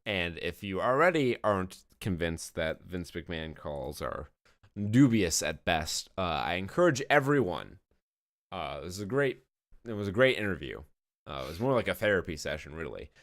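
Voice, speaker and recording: A man's voice: sits low, sing-song, moderate pace, fairly bright tone, no echo, studio quality. A man co-hosting a podcast, talking casually and emphatically, swearing now and then. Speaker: podcast co-host. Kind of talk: casual wrestling review chat.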